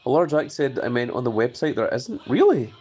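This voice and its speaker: A man's voice: mid-range voice, sing-song, brisk, mellow, husky. A man hosting a live stream, chatting casually and reading viewer messages aloud.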